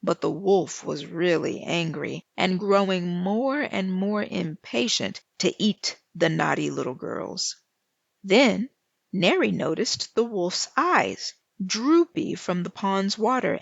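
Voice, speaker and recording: Woman narrator reading a children's story aloud, slow and gravelly, dry, dull lo-fi recording. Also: lowish voice, lively intonation, no room sound. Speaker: author reading her story.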